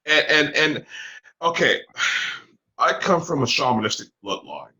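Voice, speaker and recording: A man hosting a talk show, speaking in a hesitant, deliberate way with many ums. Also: mid-range voice, huge pitch swings, pushed and bright, poor audio. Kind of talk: casual talk show chat.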